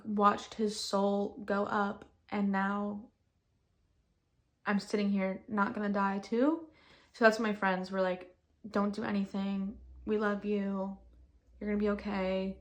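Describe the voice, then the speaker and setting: A young woman recounting a personal ordeal in casual storytelling, halting and full of fillers, often flat and subdued. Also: medium pitch.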